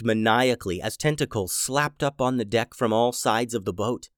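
A man narrating a children's adventure story in an animated, dramatic way. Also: medium pitch, normal speed, hardly any pauses, smooth, dry recording, clean studio sound.

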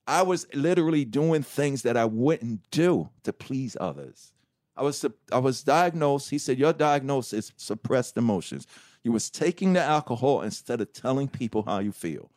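A middle-aged man, a rapper as interview guest, telling his story candidly with profanity, restarts and acted-out quotes of other people. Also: mid-range voice. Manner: animated, profane, acts out quoted dialogue; halting restarts and self-corrections.

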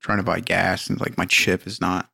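A man's voice: low-pitched, little pitch movement, moderate pace, gravelly, pushed and bright, slightly rough, dry recording, studio quality. A man co-hosting a podcast in casual chat, telling annoyed stories with swearing and frequent laughs. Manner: laughing, profane storytelling. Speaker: podcast co-host.

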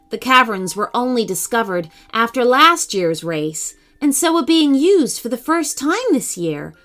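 A woman narrating a children's story in an expressive, animated reading voice. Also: fairly high pitch.

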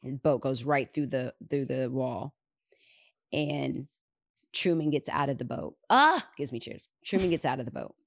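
A woman hosting a podcast, retelling a movie scene in an animated way and repeating words for emphasis. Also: rumbling low, a little slow, creaky, dry recording, clean studio sound. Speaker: podcast host. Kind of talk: retelling a movie in casual chat.

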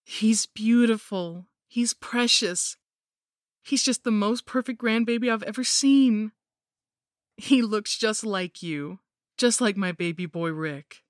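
A woman's voice: medium pitch, slow pace, no echo, clean studio sound, pitched above the performer's own voice, close to an everyday voice. A woman voicing a cruel, cackling old mother-in-law with a sugary, cooing manner. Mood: gloating.

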